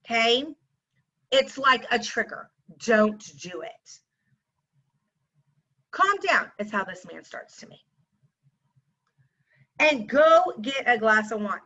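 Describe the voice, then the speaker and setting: A woman's voice: on the high side, pushed and bright. Sassy woman ranting to camera. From Texas. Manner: sassy, exasperated, talks straight to viewers. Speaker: teacher and mother. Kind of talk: casual storytime rant to camera. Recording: slightly dull lo-fi recording.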